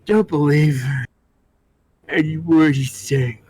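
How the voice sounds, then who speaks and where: A man's voice: a little high, slow pace, warm tone, husky, dry recording, voice pushed up. A man putting on a drunk old bearded patron. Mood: insistent.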